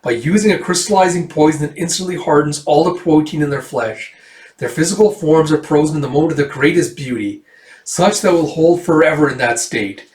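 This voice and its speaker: A man voicing a cruel aristocratic baron who gloats in a smooth, menacing way, in an echoey room. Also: a little high, brisk, darkish tone, natural voice. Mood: gloating. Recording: echoey room, far from mic.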